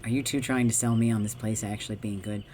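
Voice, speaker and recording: A man's voice: on the low side, fairly even intonation, quick pace, a little mellow, soft background music. A man streaming a game, cursing, joking and talking back to the screen in casual commentary.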